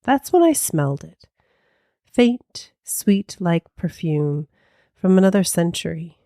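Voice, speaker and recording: A woman with a lowish voice co-hosts a paranormal podcast and narrates spooky tales slowly and dramatically. Her voice is dry and close, with no room around it. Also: sing-song, no room sound. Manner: slow, hushed, dramatic storytelling. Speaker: podcast co-host and storyteller.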